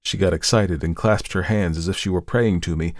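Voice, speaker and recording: A man reading a first-person story aloud with measured, steady narration. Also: low voice, no room sound, clean studio sound. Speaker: audiobook narrator.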